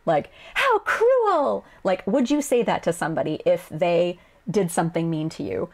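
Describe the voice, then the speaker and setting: A woman translator explaining her work in a casual video lesson, chatty and quick to laugh, acting out quoted lines as she goes. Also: on the low side, animated, mellow. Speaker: Japanese game translator.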